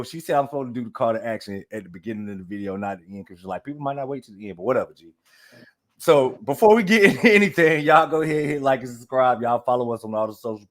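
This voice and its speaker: A man hosting a podcast in casual chat, loose and rambling, talking straight to his listeners. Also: mid-range voice. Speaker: podcast host.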